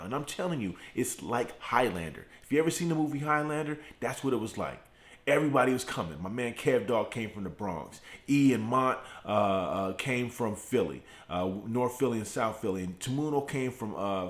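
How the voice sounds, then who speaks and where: Middle-aged man, motivational live stream, home garage, fired-up preaching, repetitive phrasing, voice held down low. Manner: fired-up preaching with repeated phrases, speaking in a deliberately lowered voice. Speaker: host of a morning motivational show.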